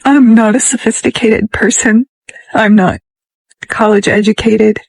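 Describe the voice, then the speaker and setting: Husky, gravelly older woman, tearful. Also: a little high, fairly even intonation, a little mellow, dry recording, rough recording. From United States. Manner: tearful, halting, whispery at times. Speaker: social media poster. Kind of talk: emotional casual vlog.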